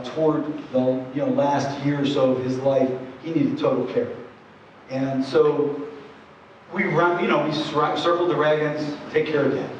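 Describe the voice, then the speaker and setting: A man's voice: mid-range voice, a little mellow, a little hiss or hum. A man giving a presentation, telling stories in an earnest, conversational way, full of asides. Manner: earnest, many asides and "you know"s. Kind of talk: conversational storytelling talk. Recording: echoey hall, distant dull mic.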